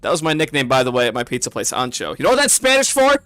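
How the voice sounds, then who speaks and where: A man's voice: mid-range voice, huge pitch swings, very fast, a bit bright, smooth, no room sound, soft background music. A young man hosting a casual podcast, jokey and laughing often. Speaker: podcast host.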